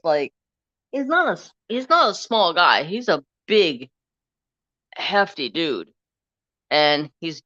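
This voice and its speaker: A man's voice: on the high side, sharp tone, no room sound, lo-fi sound. A man hosting a casual crafting live stream, rambling through a story and getting heated as he retells an argument.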